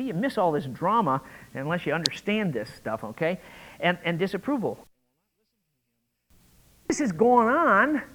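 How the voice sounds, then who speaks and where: A man delivers a sermon in a loose, conversational way, breaking into quick acted-out lines. His voice sits a little high and rises and falls with lots of movement. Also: low-quality recording. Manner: animated, conversational, with acted-out quotes. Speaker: pastor.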